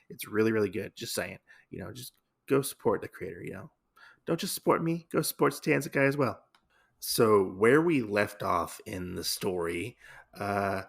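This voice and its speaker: Gravelly-voiced male podcast host. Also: mid-range voice. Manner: relaxed, many filler "uh"s. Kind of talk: casual comic recap.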